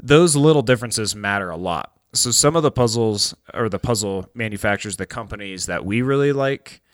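A podcast co-host chats casually and enthusiastically, rambling along with lots of fillers. His voice is fairly low with lively intonation, brisk in pace, and the recording is dry.

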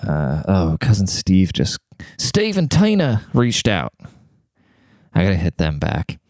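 A man in his thirties talking quietly in a rambling, profane casual monologue, keeping his voice down to a near whisper. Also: deep voice, wildly swooping pitch, takes it slowly, dry recording. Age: 30s. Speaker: vlogger.

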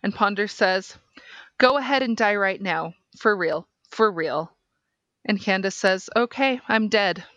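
Slow, measured woman reading a transcript. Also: medium pitch, a bit bright, no room sound, dull audio. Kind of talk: reading a case transcript aloud.

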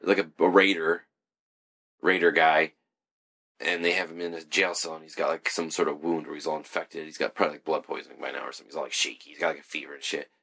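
A man's voice: very deep voice, little pitch movement, fast talker, pushed and bright, breathy edge. A young man in casual, rambling chat, swearing freely and laughing often.

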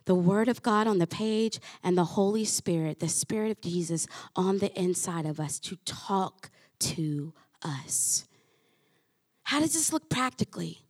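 A woman pastor preaching a sermon in an animated way, acting out the voices of her listeners. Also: medium pitch, no echo, studio quality. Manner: animated, acts out listeners' voices with rising exclamations.

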